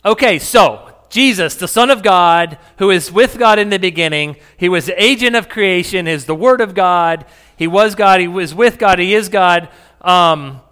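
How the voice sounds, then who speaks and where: Bright-voiced pastor in an echoey hall. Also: male voice, high-pitched, normal speed, smooth. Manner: conversational, joking with the congregation. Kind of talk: sermon.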